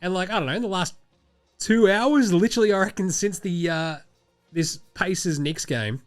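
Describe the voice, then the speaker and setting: A man with an Australian accent hosting a casual sports chat from a studio, nasal from a head cold, animated and swearing. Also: high-pitched, moderate pace, faint music behind. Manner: animated, swearing, mocking put-on voices. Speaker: podcast host. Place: home studio.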